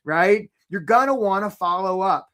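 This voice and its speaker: A man hosting a live career webinar, chatty and energetic, tagging his points with "right?" and calling out attendees by name. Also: high-pitched, normal speed. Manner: chatty, rhetorical "right?" tags, shout-outs to attendees.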